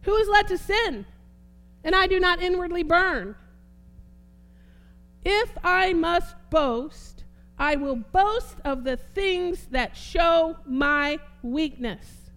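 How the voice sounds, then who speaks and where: Woman preacher, high voice, fervent sermon, repetitive emphatic phrasing. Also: slow. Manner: fervent, repeats phrases, shifts between soft and emphatic.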